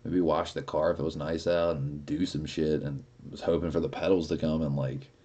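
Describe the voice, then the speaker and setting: A man's voice: rumbling low, little pitch movement, fairly quick, mellow, dull audio. A young man streaming, chatting casually and rambling with lots of swearing and laughter. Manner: rambling, profane, laughs often. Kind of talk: casual live-stream chat.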